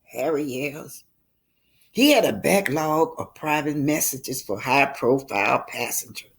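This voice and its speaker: Expressive woman reading a novel aloud. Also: rumbling low, measured pace. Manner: dramatic, voices characters, asides to listeners. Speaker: book club reader.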